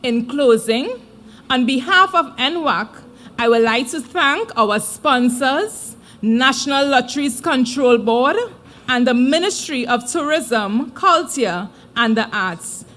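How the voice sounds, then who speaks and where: A woman giving a formal prepared address at a live event, measured and deliberate. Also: high voice, lively intonation, a bit bright. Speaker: committee speaker.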